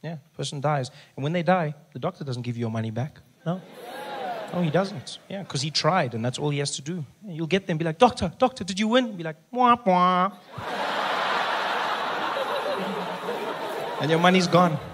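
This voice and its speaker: A man with a South African accent telling a stand-up story, acting out every character's voice in an animated way. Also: fairly high pitch, fast, background noise. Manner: animated, acts out voices in his stories. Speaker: stand-up comedian.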